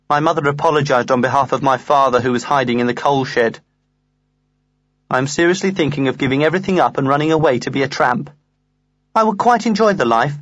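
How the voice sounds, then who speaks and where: Guy reading a funny diary out loud, earnest and lively, kinda high voice, dry sound. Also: no room sound. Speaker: audiobook reader. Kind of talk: first-person comic diary reading.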